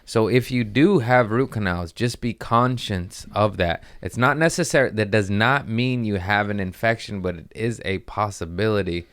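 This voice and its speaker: A man hosting a comedy podcast, telling a rambling, profane story in casual chat and jumping up in pitch for the punchlines. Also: normal speed, few pauses, fairly bright tone, smooth, dry recording, clean studio sound.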